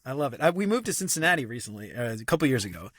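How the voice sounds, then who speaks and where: Fast-talking upbeat male host. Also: medium pitch, sing-song, fairly bright tone, no echo, clean studio sound. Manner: upbeat, quick, chatty with stammered restarts. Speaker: podcast host. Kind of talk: casual conversational interview.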